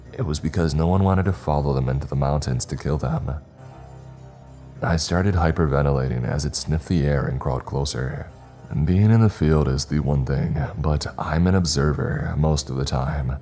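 A man narrating a horror story in a measured, dramatic manner. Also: very deep voice, mellow. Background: faint background music.

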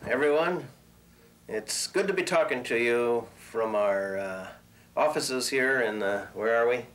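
A man giving a casual, halting holiday greeting from company offices. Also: mid-range voice, a bit bright. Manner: halting, with fillers.

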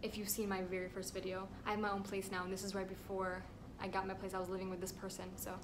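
A woman's voice: medium pitch, completely flat delivery, fast talker, background noise. A young woman telling a rambling, emotional storytime vlog at home, at times close to tears. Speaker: vlogger.

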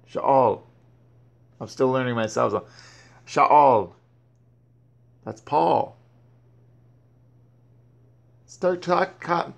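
A man with a rough, gravelly voice works slowly through scripture. He reads a verse, then breaks off to explain it and urge the listener on. His words often trip and restart before he picks the reading back up. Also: medium pitch. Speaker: Bible teacher.

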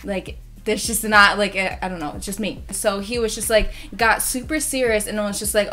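Young adult woman for a casual storytime video, rambling and excitable delivery. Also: medium pitch, normal speed, hardly any pauses, soft background music. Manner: rambling, filler-heavy, excitable.

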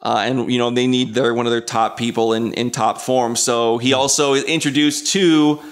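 A man on a podcast casually explaining a movie plot in steady detail. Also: mid-range voice, moderate pace. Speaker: podcast guest. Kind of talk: casual movie recap chat.

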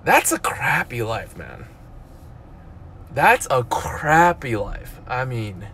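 A man in his thirties talking casually on a live stream, animated and full of "dude" and "like", with loud outbursts and mumbled asides. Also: medium pitch, slow, slightly rough. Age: 30s. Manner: lots of "like" and "dude", repeats himself. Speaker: vlogger.

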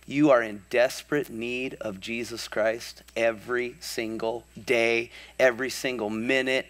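A man's voice: mid-range voice, a bit bright. A male pastor preaching a sermon to a live congregation, storytelling with humorous asides and building to impassioned crescendos. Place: church before a live congregation.

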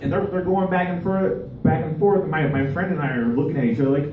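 A male stand-up comedian performing a live set, rambling and halting, with many restarts. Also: on the high side, background noise. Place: live comedy venue with audience. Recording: echoey room, voice far from mic.

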